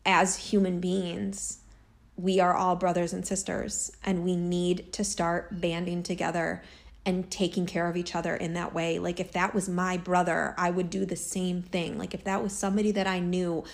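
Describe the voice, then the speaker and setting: A woman's voice: lowish voice, little pitch movement, normal speed, vocal fry. Earnest chatty woman telling a story. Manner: earnest, chatty, many fillers like "like" and "you know". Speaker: vlogger. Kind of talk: casual personal storytelling.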